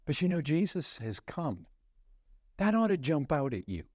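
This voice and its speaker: A man preaching a sermon as pastor, telling a story vividly, dropping low and quiet, then rising in intensity, and putting rhetorical questions to the congregation. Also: big pitch swings, normal speed, slightly rough.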